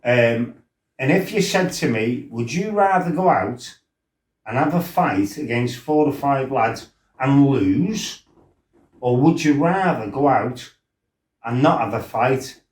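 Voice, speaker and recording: A man's voice: mid-range voice, expressive, slow, reverberant. A middle-aged man tells his life story casually, laughing, swearing and acting out what people said. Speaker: former fighter telling his life story.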